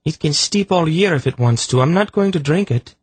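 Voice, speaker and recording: A man's voice: fairly high pitch, expressive, brisk, slightly rough, voice pushed up. A man voicing a sulky, spirited young queen stuck in bed, petulant and sarcastic. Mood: defiant.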